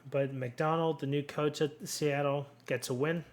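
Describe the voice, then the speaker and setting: A man's voice: a little high, steady tone, a little slow. A young man hosting a casual solo sports recap, rambling and blunt, swearing freely and restarting his sentences often. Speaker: sports commentary host.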